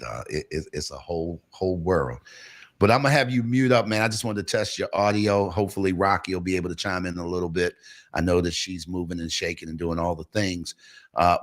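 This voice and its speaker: A man's voice: sits low, a little fast. A man hosting a casual morning show over a video call, bantering and teasing in a folksy, playful way. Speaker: host.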